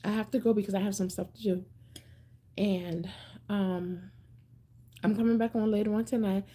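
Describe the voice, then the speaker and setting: Husky-voiced chatty woman livestreamer. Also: mid-range voice, steady tone, mellow. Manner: chatty, playful, drawn-out emphatic repeats. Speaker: livestream host. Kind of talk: casual livestream chat reading viewer comments.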